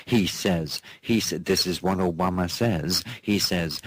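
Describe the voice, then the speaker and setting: Low husky guy hosting a news show, super slow and sarcastic, deadpan. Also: no echo. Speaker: show host.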